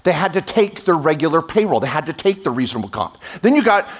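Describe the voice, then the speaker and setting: A man speaking as a tax attorney at a live event, energetic and sarcastic, slipping into quoted voices, on a stage microphone. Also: on the high side, fast talker. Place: event stage before an audience.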